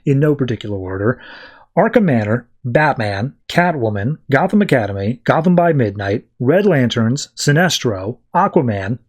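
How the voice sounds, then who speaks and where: A man's voice: mid-range voice, very animated, moderate pace. A man hosting a podcast, giving a casual comic book review in a wry, self-deprecating way. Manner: wry and self-deprecating, loose recap talk. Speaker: podcast host.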